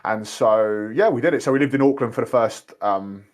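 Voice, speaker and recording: Man, London accent, 30s, relaxed rambling poker guest, medium pitch. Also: brisk. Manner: laid-back, rambling, says "mate" a lot. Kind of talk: casual chat during an online game.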